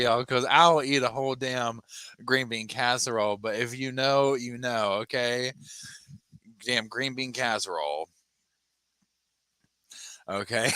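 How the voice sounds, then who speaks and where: A man hosting a casual live chat from home, chatty and animated, swearing casually and laughing loudly as he reads viewer comments. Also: mid-range voice, moderate pace, no room sound. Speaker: true crime channel host. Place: home, on a sofa.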